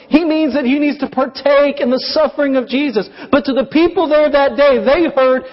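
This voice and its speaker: A man preaching a sermon as pastor, telling the story in an animated way and acting out voices. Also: very high-pitched, moderate pace, hardly any pauses. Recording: muffled recording with long hall reverb.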